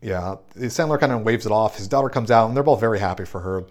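A man's voice: fairly low pitch, quick pace. A man casually recapping a movie plot on a podcast, rambling with lots of fillers. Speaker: podcast co-host.

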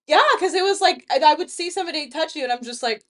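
Young woman, podcast co-host, casual chat, lively storyteller, swears, slightly high voice. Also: fast. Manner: animated storyteller, swears freely.

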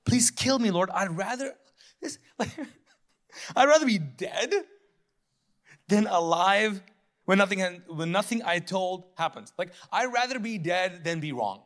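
A pastor giving a sermon in a lively, conversational way, joking, laughing at his own lines and acting out the voices of biblical figures. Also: high-pitched, a little slow.

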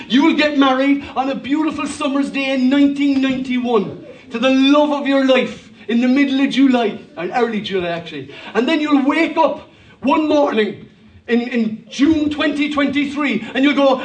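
Male pastor with a very high voice, emphatic and humorous, miked from a distance in a church. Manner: emphatic preaching with rhetorical questions and humor. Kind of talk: sermon. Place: church hall. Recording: echoey hall, voice from a distance.

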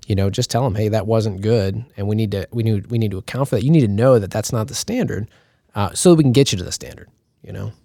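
A man's voice: lowish voice, fast, mellow, dry recording, clean studio sound. A man who is a senior instructor pilot, giving earnest advice to colleagues in a casual roundtable chat. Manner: earnest, advising.

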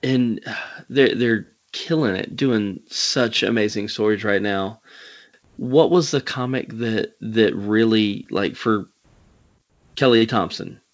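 A man with a Southern US accent hosts an interview, rambling and hesitant and quick to laugh. He speaks very slowly in a lowish voice. The audio is dull and lo-fi. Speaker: podcast host. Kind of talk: casual interview chat.

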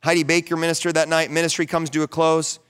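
Fervent storytelling male pastor, smooth voice. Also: fairly high pitch, fast talker. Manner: storytelling, animated, rising to fervent peaks. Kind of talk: sermon.

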